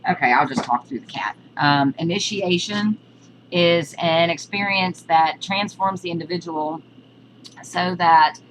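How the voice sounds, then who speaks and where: A woman's voice: on the low side, a little slow, slight background noise, poor audio. A woman giving a casual spoken lesson on witchcraft, hesitant, with many ums and restarts. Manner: chatty, breaks off to scold her cat. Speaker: witchcraft teacher.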